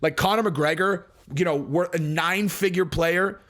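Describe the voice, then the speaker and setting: A man's voice: sits high, moderate pace, fairly bright tone. A man hosting his own vlog, ranting in a blunt, profane, casual way. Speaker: vlog host.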